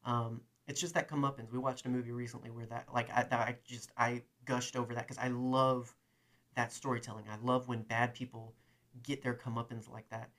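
A man's voice: medium pitch, little pitch movement, fairly quick, fairly bright tone. Man, casual host, eager and rambling, lots of fillers. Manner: enthusiastic, rambling, many fillers. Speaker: podcast host. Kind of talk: casual chat and reading aloud.

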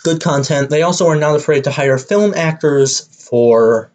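A woman's voice: deep voice, moderate pace, darkish tone. A young woman hosting a casual podcast from her bedroom on a stand mic with a pop filter, rambling and self-deprecating. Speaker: podcast host. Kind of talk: casual chat. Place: her bedroom, home setup. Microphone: stand-mounted mic with pop filter.

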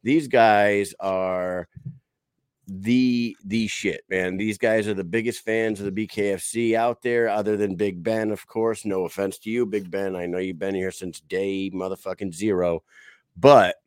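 A man's voice: on the low side, fairly even intonation, measured pace, clear, resonant tone, no echo, studio quality. A man in his thirties hosting a casual fight podcast, brash and profane as he tells stories. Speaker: podcast host.

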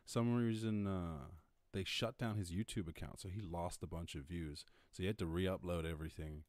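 A man's voice: sits low, fairly even intonation, moderate pace, no room sound. A man with an Irish accent hosting a casual livestream, rambling, swearing and laughing at his own jokes. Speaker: podcast host.

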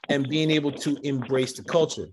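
A man hosting a casual conversation, telling animated stories and acting out the voices of people in them. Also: medium pitch, moderate pace, slight background noise. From United States, Jamaican family. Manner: animated storyteller, acts out quoted voices. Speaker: podcast host.

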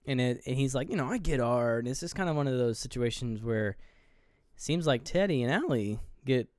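A man's voice: medium pitch, expressive, brisk, darkish tone, dry recording, clean studio sound. A man co-hosting a podcast, casually retelling movie scenes in a rambling way and briefly mimicking the characters. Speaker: podcast co-host. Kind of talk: casual movie review chat.

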